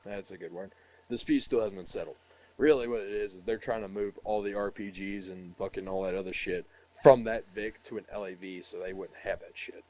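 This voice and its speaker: A man's voice: low-pitched, steady tone, fairly quick, warm tone, poor audio. A young man casually telling a rambling, profane story about a military checkpoint, laughing as he goes. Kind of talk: casual chat.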